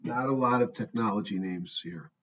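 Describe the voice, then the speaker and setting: Guy thinking out loud over stock charts, kinda far from a muffled mic. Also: lowish voice, normal speed. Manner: offhand, thinking aloud with fillers. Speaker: stock market commentator. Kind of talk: casual screen-share market review. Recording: dull distant mic with faint noise.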